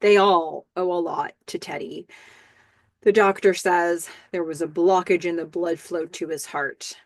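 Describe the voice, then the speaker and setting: Woman, podcast host, casual recap, animated and giggly, dry close sound. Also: on the low side, a little slow, no echo. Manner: animated, giggly, reads dialogue aloud with playful voices.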